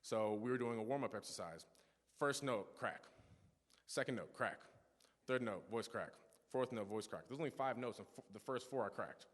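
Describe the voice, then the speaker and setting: A teenage boy with a medium-pitched voice speaks at normal speed, giving an earnest personal testimony during a church service. He tells stories with frequent restarts and asides. The church sanctuary adds long reverb.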